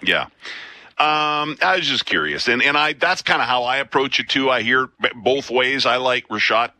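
A man hosts a call-in radio show from a studio mic. His voice is very bright and forward. He talks in a loose, conversational way and restarts his sentences as he thinks. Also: medium pitch, no echo. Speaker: radio talk show host.

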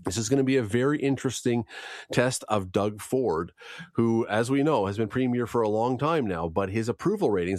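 Lively chatty male radio host. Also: lowish voice, no room sound, studio quality. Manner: lively, chatty, jokes aside. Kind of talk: morning radio news and chat.

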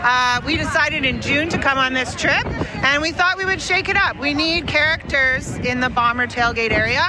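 A woman's voice: sits high, moderate pace. A woman in a recorded street interview, talking in a casual, rambling way. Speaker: interviewed fan. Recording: outdoor clip with boat noise.

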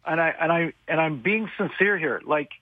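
Husky man analyst on a phone line. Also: fairly high pitch, no room sound. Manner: halting, restarts often, self-aware sarcasm. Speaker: football analyst. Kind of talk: radio sports talk. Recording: tinny phone line, dry.

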